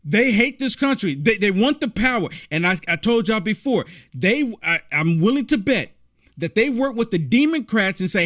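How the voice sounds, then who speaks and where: A man's voice: sits high, sing-song, normal speed, a bit bright. A man hosting a political commentary show, reacting to clips in a rambling, repetitive, indignant rant.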